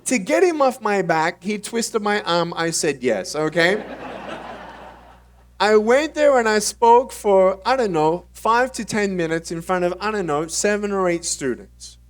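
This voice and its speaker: A motivational speaker at a conference, telling his own story in an animated way and acting out the dialogue. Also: sits high, a little slow, far from the mic, slight background noise. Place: conference stage.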